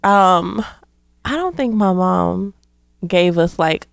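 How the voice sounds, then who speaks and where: A woman co-hosting a podcast, telling a story in expressive casual chat and laughing easily. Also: lowish voice, slow, gravelly, no room sound, studio quality. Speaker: podcast co-host.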